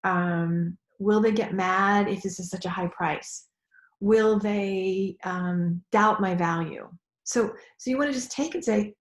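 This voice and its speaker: A woman's voice: mid-range voice, slow pace, roomy sound. A woman business coach leading a guided tapping lesson in a casual, encouraging way, often checking in with "okay?" and "right?".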